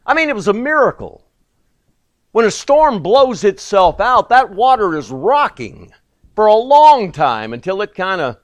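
A man preaching a sermon with emphatic stresses, quiet asides and small restarts. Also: high-pitched, no room sound. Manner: pauses and repeats words as he goes.

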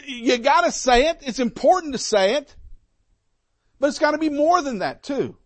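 A man's voice: extremely high pitch, moderate pace, no room sound. A middle-aged man preaching a sermon as a pastor, emphatic and repeating key points. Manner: emphatic, repetitive, animated.

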